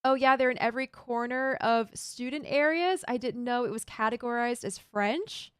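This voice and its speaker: A woman's voice: fairly high pitch, normal speed, smooth, no echo. A woman streaming a building game, chatting casually and thinking aloud while she builds and reads chat. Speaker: Minecraft streamer.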